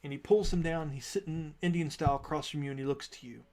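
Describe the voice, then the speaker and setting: A man's voice: a little high, steady tone, fast, darkish tone. A man narrating a tabletop game as game master, describing scenes at length with frequent fillers.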